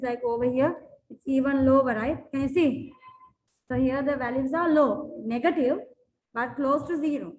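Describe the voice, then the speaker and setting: In a classroom, a high-voiced woman explains graphs in a maths lesson. She is repetitive, full of fillers and restarts, and keeps checking that her students are following. The recording is low quality.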